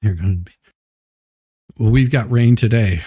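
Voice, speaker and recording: A man's voice: on the low side, moderate pace, mellow, no room sound, studio quality. A man hosting a live stream, chatting casually with viewers, rambling and poking fun at himself while a little out of breath. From Southeast Michigan, US. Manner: rambling, self-deprecating, greets chat viewers by name.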